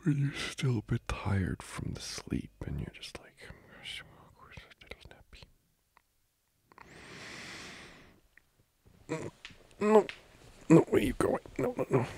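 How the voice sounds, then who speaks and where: A man's voice: sits low, creaky, slightly rough, no room sound, exaggerated voice. A man playing a whispering needy boyfriend. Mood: clingy, cozy. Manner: soft intimate whispering with giggles. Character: needy playful young boyfriend, clingy and teasing. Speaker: ASMR role-play creator. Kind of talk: whispered role-play.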